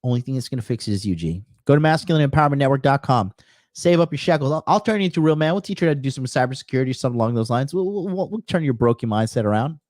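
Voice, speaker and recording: A man's voice: mid-range voice, lively intonation, rapid-fire, darkish tone, no echo, studio quality. A man hosting a reaction video, mocking and insulting viewers with sarcastic, profane commentary.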